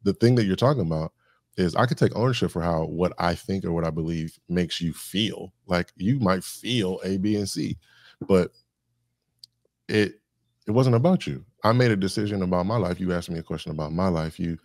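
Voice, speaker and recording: A man with a low, darkish voice speaks at normal speed in a clean, echo-free studio recording. A communication specialist appearing as a podcast guest, he reflects thoughtfully, working through ideas using lists and examples.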